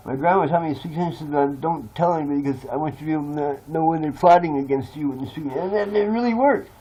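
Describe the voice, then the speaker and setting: A man's voice: a little high, quick pace, mellow, low-quality recording. A man talking in a rambling, confessional monologue, blunt and swearing freely. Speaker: vlogger.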